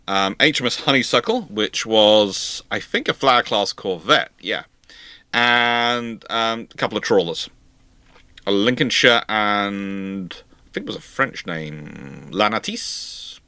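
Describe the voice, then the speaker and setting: A man hosting a live naval history talk who speaks in an animated, rambling way and laughs often. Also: on the low side, measured pace, clear, resonant tone, no echo. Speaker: host.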